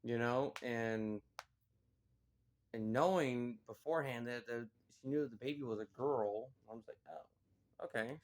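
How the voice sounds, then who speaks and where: A man talks through a movie review in a loose, casual way. He rambles and leans on "like" and "you know" as he goes. His voice sits at an ordinary middle pitch. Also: moderate pace.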